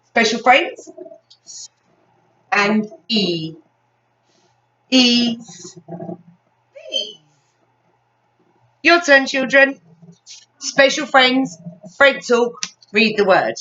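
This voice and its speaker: A woman's voice: on the high side, sing-song, slow, pauses often, pushed and bright, distant mic. A woman with an English accent teaching a phonics lesson to young children, praising often in a sing-song way. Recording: dull sound from off mic.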